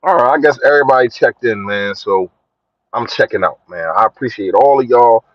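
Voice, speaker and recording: A young man chatting casually on a sports live stream, slangy and shouting out his viewers. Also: brisk, no room sound. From Philadelphia. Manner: slangy, shouts out viewers, lively swings in pitch. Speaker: sports vlogger. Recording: dry, dull lo-fi phone audio.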